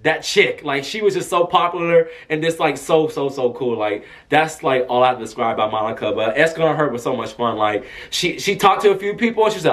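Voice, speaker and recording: A young man telling a casual story to camera as a vlogger, animated and chatty, acting out what people said. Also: fairly high pitch, a little fast, few pauses. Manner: animated, chatty, acts out quotes in a raised voice. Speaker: vlogger and press escort.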